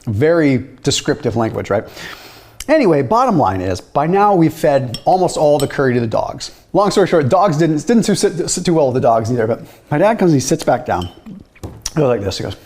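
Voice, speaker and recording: A male video host with a slightly raised pitch, speaking casually. He is relaxed and conversational, filling his talk with "like" and "right?". He moves easily between telling stories and explaining diet tips. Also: brisk. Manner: chatty, loose, with frequent "like" and "right?".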